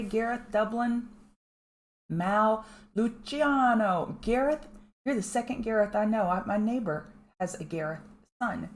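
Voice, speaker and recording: A woman hosting a live pre-market show, chatting with viewers by name and walking through stock charts. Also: fairly high pitch. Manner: chatty, greets chat viewers by name while reading charts. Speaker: market livestream host. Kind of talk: casual live chart analysis.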